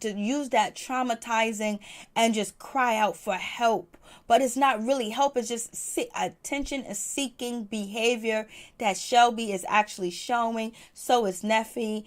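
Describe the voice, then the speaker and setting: Speaking a little slowly in a voice on the high side, a woman offers casual commentary reviewing a TV episode, with plenty of fillers and phrases repeated for emphasis.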